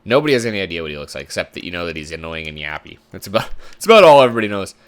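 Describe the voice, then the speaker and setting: A man's voice: low-pitched, very animated, rapid-fire. A man giving casual commentary while playing a sports management game, thinking aloud in a chatty way. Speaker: gamer commentator.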